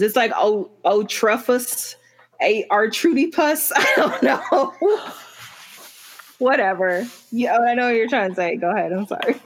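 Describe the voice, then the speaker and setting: A woman co-hosting a relaxed book chat in an ordinary mid-range voice. She talks freely, venting about things she is tired of and poking fun at her own slips. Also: medium pitch, noisy background. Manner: chatty, exasperated rants, self-deprecating. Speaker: book podcast co-host. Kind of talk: casual chat.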